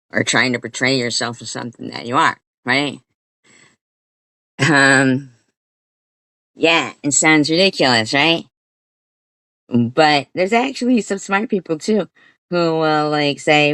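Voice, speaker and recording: A woman's voice: deep voice, lively intonation, takes it slowly, pauses often, fairly bright tone, no room sound. A woman giving a profane, blunt, scornful commentary rant on a livestream. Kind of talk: ranting commentary.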